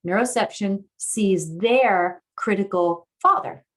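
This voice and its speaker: A young adult woman giving a casual teaching talk on somatic therapy, acting out inner voices as she explains. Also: slow. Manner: casual, uses "like" a lot, acts out inner voices with big swings in pitch and loudness. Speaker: guest speaker on somatic therapy. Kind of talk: teaching talk with acted examples.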